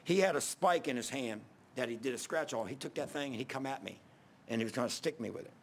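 Guy preaching like he's just telling a story, lots of restarts, mid pitched voice, bit of hiss behind. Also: fast talker. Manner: conversational storytelling with many restarts. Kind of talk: sermon.

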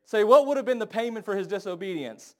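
A married man preaching a sermon, acting out the people he quotes with big jumps in loudness and pitch. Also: fast talker. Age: adult, married. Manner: animated, acts out quoted voices with big swings in pitch and volume.

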